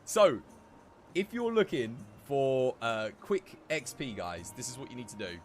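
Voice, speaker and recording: A young man streaming a game, chatting excitably with his viewers. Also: medium pitch, measured pace, slight background noise. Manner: chatty, excitable, talks to chat. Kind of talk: casual live-stream chat.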